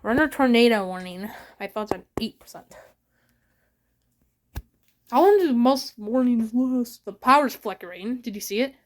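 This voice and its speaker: A woman's voice: fairly high pitch, expressive, normal speed, pauses often. A scared woman vlogging from a home basement during a storm, anxiously asking the same questions over and over. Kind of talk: live vlog during a storm.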